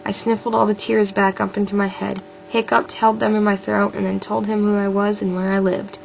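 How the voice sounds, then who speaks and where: A woman reading a novel aloud in a steady, subdued way as an amateur audiobook reader. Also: mid-range voice, fairly quick, creaky, a little hiss or hum. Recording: dull lo-fi with faint music.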